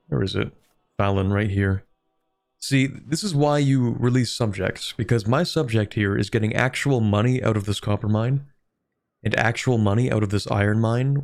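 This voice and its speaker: A man streaming a strategy game, chatting casually, thinking aloud and answering viewers' questions. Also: on the low side. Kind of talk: casual gameplay commentary.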